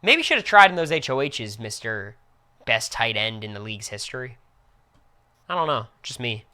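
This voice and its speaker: Young male streamer, bright and crisp, casual reactive commentary. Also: mid-range voice. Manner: quick, reactive play-by-play with excited outbursts.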